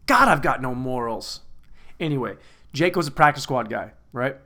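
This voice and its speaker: A man's voice: moderate pace, vocal fry. Rambling, crude man ranting for laughs. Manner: rambling, crude and self-mocking; lively, swings between loud bursts and low mutters. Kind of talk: casual comedic rant.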